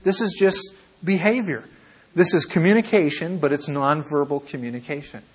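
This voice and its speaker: A husky-voiced American man teaches a class, his voice sitting slightly high for a man. He talks in a playful, animated way, acting out little scenes to make his points. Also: moderate pace. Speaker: missions lecturer. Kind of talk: classroom lecture.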